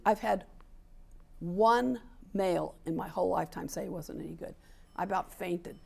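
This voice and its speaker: A woman's voice: medium pitch, lively intonation, quick pace, vocal fry. A woman in her seventies being interviewed, speaking emphatically, acting out quoted dialogue and repeating points for stress. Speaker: interview guest, sports equality advocate. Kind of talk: candid interview conversation.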